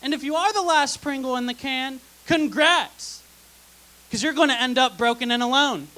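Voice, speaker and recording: On a theater stage in front of a live audience, a young woman delivers dry, sarcastic stand-up punchlines into a stage mic. She speaks at a moderate pace in a high-pitched, pushed, bright voice, captured on a rough recording.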